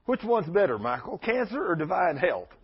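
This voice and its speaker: A man's voice: sits high, normal speed, slightly rough. A man preaching a sermon as pastor, telling folksy stories and acting out the voices in them. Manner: folksy storytelling with animated quoted voices. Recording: dull lo-fi church recording.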